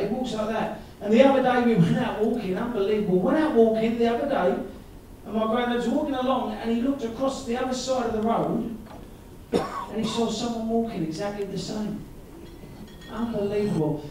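A man's voice: extremely high pitch, normal speed, long pauses, darkish tone, slight background noise. A man doing stand-up comedy, telling punchy stories to an audience. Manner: storytelling, punchy. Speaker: vocal comedian. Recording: very echoey hall from far off.

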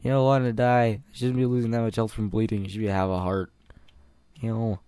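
A man's voice: lowish voice, little pitch movement, a little fast, dark tone, clean tone, dry recording. A man giving gameplay commentary, panicking, pleading and swearing, laughing at himself. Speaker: gamer.

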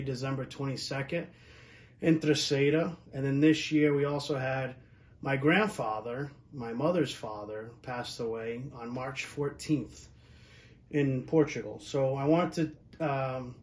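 A man hosting his own show, telling family stories to the camera in a casual, earnest way that turns lively for the funny parts. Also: on the high side. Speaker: show host.

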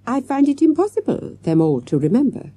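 A woman reading an audiobook, voicing a scheming foreign woman villain who speaks in stilted, mock-polite threats, in a raised, husky voice. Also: a little high, big pitch swings, fairly quick, dark tone, dry recording, pitched above the performer's own voice. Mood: cool denial. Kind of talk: audiobook character voice.

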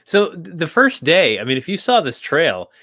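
A man's voice: fairly high pitch, sing-song, normal speed, bright, forceful tone, dry recording, clean studio sound. A man in his forties from New England, an author guest telling his story in a casual, earnest, reflective way, often repeating words as he restarts. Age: 40s.

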